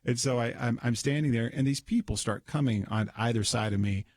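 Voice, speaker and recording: A man's voice: medium pitch, a little fast, a little mellow, dry recording. A man, a guest in a radio studio, telling a personal story in casual conversation, with many restarts. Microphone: studio microphone.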